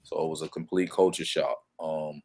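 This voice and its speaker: A man's voice: rumbling low, little pitch movement, moderate pace, darkish tone, breathy edge. A man, calling in to chat in a laid-back, slangy way. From Georgia. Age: 30s. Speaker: guest caller. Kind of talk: casual chat.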